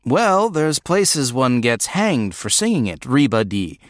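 A man's voice: mid-range voice, big pitch swings, slow, no echo, clean studio sound. A man voicing a jovial man in his forties who warns his friend with a smile. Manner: jovial, warning tone. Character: wry middle-aged male scholar, cautious.

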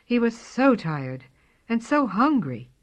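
A woman reading a storybook aloud in a slow, expressive way. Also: on the high side. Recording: dull lo-fi recording.

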